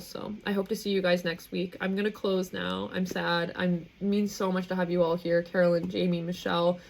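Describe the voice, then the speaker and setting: A woman's voice: fairly low pitch, vocal fry, darkish tone, low-quality recording. A young woman hosting a live stream, talking in an effusive, rambling, heartfelt way. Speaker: livestream host. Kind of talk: emotional live stream sign-off.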